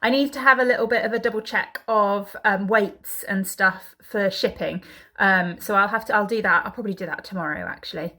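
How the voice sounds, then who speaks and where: A woman's voice: mid-range voice, brisk, sharp tone. A woman chatting casually to camera in a home vlog, rambling along with lots of ums. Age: adult mother. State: out of breath. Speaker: vlogger.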